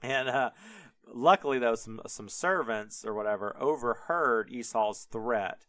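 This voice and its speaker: Rambling, laughing young podcast host. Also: male voice, medium pitch, unhurried, fairly bright tone. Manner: rambling, full of "like", laughs often. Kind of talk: casual comic retelling.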